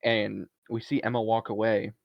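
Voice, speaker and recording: Here a podcast co-host, a man with a fairly low, gravelly voice, casually recaps a movie at a moderate pace. His storytelling is animated, and he acts out the characters' lines. The sound is dull, lo-fi and dry, with no echo.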